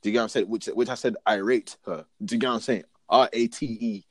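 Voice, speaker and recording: Talking fast in a lowish voice, this young man is an animated storyteller in a casual podcast chat, acting out his own lines. He's full of slang and keeps checking whether you follow him. The recording has no room sound.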